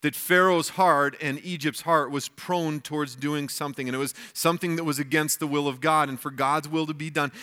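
A man pastor giving a weekend sermon, reading scripture aloud and explaining it in a conversational way with lively asides. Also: fairly high pitch. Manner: conversational, with frequent restarts and acted asides.

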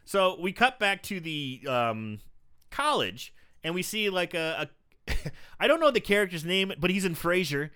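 A man's voice: high voice, normal speed, clean tone. A man co-hosting a casual podcast, recapping a movie with lots of laughs and acted-out lines. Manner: animated, laughs often, acts out scenes in voices. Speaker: podcast co-host.

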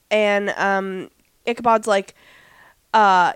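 A chatty woman co-hosting a fan podcast, breezing through an episode recap and jumping into the characters' lines. Her voice is smooth and clean. The recording is dry, with no room sound. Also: a little high, expressive, takes it slowly, a bit bright, no echo. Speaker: podcast co-host. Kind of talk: casual fan podcast chat.

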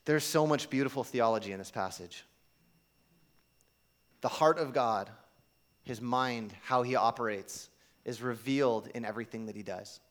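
A man's voice: mid-range voice, moderate pace, pauses often, fairly bright tone. A man preaching a sermon in a casual, conversational way, acting out the quotes he tells. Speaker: pastor.

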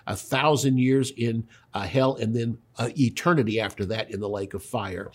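A man preaching a radio sermon, emphatic, his voice sometimes dropping low. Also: normal speed, hardly any pauses. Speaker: pastor.

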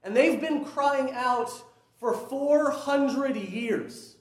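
Young pastor with a high voice preaching. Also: male voice, extremely slow, echoey room. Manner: conversational preaching, builds to emphatic peaks. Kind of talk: sermon.

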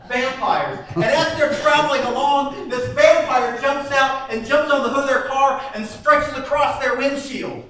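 A man's voice: very high voice, pushed and bright, slight background noise. A male preacher telling jokes as a sermon, chuckling at his own stories, recorded far from the mic in a large echoey hall.

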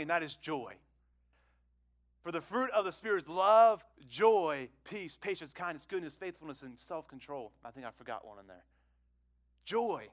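Man preaching a lively conversational sermon. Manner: conversational, repeats words, asks the congregation questions; swings from loud exclamations to hushed low phrases. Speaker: pastor.

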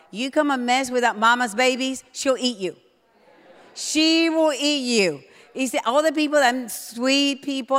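A middle-aged woman delivers a sermon from a church pulpit, her slightly raised pitch carrying bold, emphatic energy. She gets excited and loud at moments, and a long hall reverb trails after her words. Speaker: preacher.

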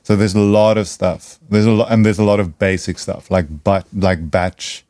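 A man's voice: lowish voice, steady tone, normal speed, darkish tone, dry recording. A man hosting a podcast, chatting in a laid-back way in a studio. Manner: laid-back, says "dude" a lot. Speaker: podcast host. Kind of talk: casual chat.

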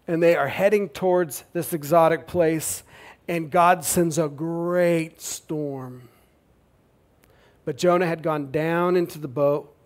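A man preaching a sermon, retelling a Bible story with lively emphasis and quiet asides. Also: on the high side. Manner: animated storytelling, swings between loud emphasis and quiet asides. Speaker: pastor.

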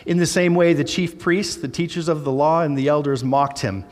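A man's voice: fairly high pitch, fairly even intonation, normal speed, hardly any pauses, long reverb tail. A man who is a Baptist pastor, preaching a sermon in a conversational way and reading scripture aloud with emphasis.

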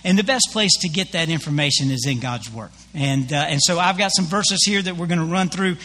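Bright high-voiced pastor preaching. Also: male voice, animated, a little fast. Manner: folksy storytelling with many fillers. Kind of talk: sermon.

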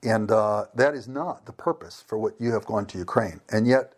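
A middle-aged man, a former missionary, telling stories in an interview in a lively way and acting out the people he quotes. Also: lowish voice, moderate pace. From United States. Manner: animated, acts out quoted voices. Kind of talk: conversational interview storytelling.

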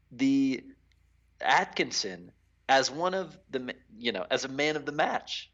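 A man's voice: mid-range voice, big pitch swings, unhurried, a bit bright, highs cut off. A man co-hosting a casual sports chat, ranting animatedly with lots of fillers. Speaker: podcast co-host.

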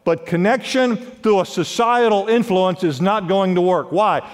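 A man preaching a sermon as pastor, emphatic, with wide swings in pitch and loudness, in a large church. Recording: long hall reverb.

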